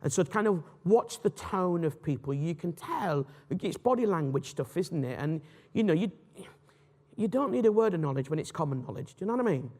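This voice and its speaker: A man's voice: fairly high pitch, fairly quick, long reverb tail. A man teaching a lesson on apologetics, talking in a loose, conversational way and often correcting himself mid-sentence. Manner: conversational, animated, self-correcting. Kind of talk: recorded lecture.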